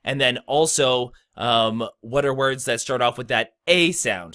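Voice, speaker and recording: A young man talks through rap rhyme techniques in a relaxed, slangy tutorial tone. He fills his sentences with ums and casual asides. His voice sits at an ordinary middle pitch. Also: measured pace, hardly any pauses. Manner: laid-back, slangy, filler-heavy. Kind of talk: casual instructional talk.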